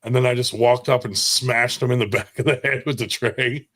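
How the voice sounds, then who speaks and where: A man's voice: medium pitch, steady tone, normal speed, fairly bright tone. A man telling rambling, profane stories in casual podcast chat, often laughing as he talks. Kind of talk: casual storytelling.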